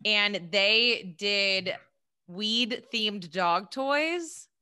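A young adult woman co-hosting a podcast in casual chat, enthusiastic and quick to laugh. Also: medium pitch, bright, forceful tone, clean tone. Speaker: podcast co-host.

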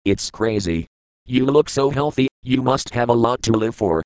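A man's voice: medium pitch, moderate pace, smooth, no room sound, close to an everyday voice. A man reading as a numb, despairing young man. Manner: flat, monotone.

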